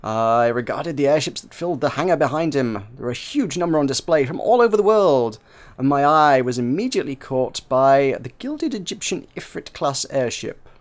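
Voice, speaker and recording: A man's voice: mid-range voice, lively intonation, normal speed. A man reading a narrative game aloud for viewers, narrating with frequent slips and restarts.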